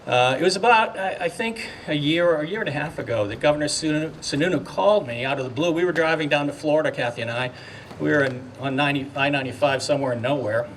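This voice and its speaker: A man's voice: fairly high pitch, fairly bright tone. Older man, ceremonial speaker, stumbling but earnest, distant mic with faint outdoor hum. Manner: halting, heartfelt, many fillers and restarts. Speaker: speaker at a memorial dedication. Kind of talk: ceremonial speech.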